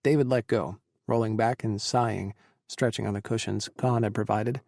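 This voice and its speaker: Male narrator, audiobook, measured reading, husky voice, dry sound. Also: on the low side, fairly even intonation, a little mellow, no echo. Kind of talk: scripted narration.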